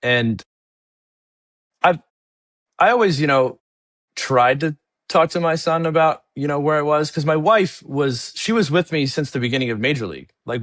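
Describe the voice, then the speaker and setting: A man's voice: medium pitch, a bit bright, dry recording, clean studio sound. A man in his thirties from New Jersey, a guest musician talking reflectively and easily in an interview, often saying "you know". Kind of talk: casual interview chat.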